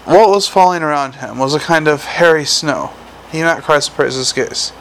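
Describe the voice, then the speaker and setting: A man narrates a storybook in a measured, dry voice. His pitch sits a little higher than usual for a man. A faint ambient hiss runs under the recording. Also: a bit bright, rough recording. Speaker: audiobook narrator.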